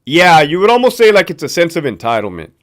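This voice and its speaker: Southern Californian man, casual live-stream host, profane street slang, rambling with fillers, animated and slightly high. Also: fast. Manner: slangy, profane, loose storytelling with lots of fillers. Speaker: livestream host, former prison guard. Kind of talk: casual live-stream chat reading viewer questions.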